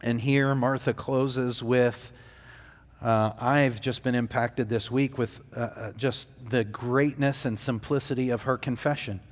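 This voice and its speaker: A man preaching a sermon as pastor, measured and deliberate, with fillers and restarts. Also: medium pitch, steady tone. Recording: long hall reverb.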